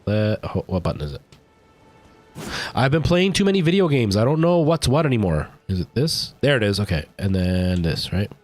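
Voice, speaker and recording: Low-voiced man streaming gameplay. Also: very animated, normal speed, darkish tone, soft background music. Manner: rambling, thinks aloud while playing. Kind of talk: live gameplay commentary.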